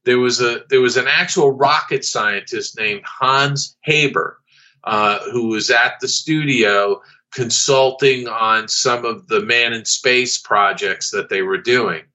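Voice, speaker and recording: A man with a bright, forceful voice tells a long story as a podcast guest. He often stops and restarts with plenty of fillers, and the recording sounds dull and lo-fi. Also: medium pitch. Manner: halting, with many fillers and restarts. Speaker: guest, former studio artist. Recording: dull lo-fi audio.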